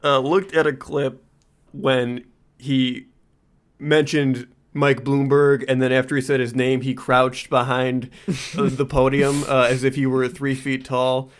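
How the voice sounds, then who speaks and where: A male co-host on a comedy podcast, riffing eagerly with his friend. His voice sits in a mid range and tumbles forward in loose, excitable bursts. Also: mid-range voice, unhurried. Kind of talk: casual comedy podcast chat.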